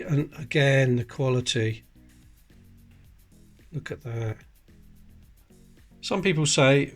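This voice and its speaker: A man hosting a coin collecting channel, chatting casually and explaining details while handling coins. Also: a little high. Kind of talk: casual coin-sorting commentary.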